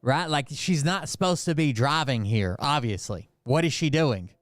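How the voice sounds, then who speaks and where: A man's voice: fairly high pitch, animated, normal speed, no echo, clean studio sound. Profane man telling a heated story. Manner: profane, rambling, heated retelling full of fillers. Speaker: channel host. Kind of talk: casual storytelling.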